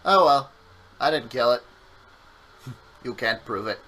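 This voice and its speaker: A man's voice: mid-range voice, measured pace, sharp tone, rough recording. A man streaming a game with his partner, chatting casually and joking around, sometimes breaking into silly voices. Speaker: co-host playing a game on stream. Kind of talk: casual gameplay chat.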